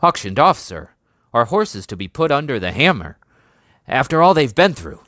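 A man's voice: lowish voice, lively intonation, moderate pace, a bit bright, no room sound, studio quality. A man voicing an indignant army sergeant who protests barely politely, in a storybook reading. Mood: protesting.

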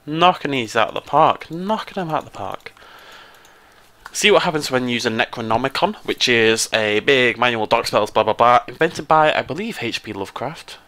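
A British man hosting a casual gameplay commentary, excitable and prone to jumping into high squeals. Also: moderate pace. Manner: excitable, jumps into high squeals when surprised or delighted. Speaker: let's play host.

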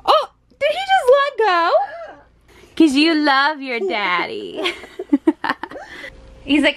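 A woman's voice: high-pitched, huge pitch swings, takes it slowly, pauses often, a bit bright, a little hiss or hum. A young woman filming her family at home, giggling often and cooing baby talk at her toddler son. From United States. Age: young adult. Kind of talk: home video chat with a toddler.

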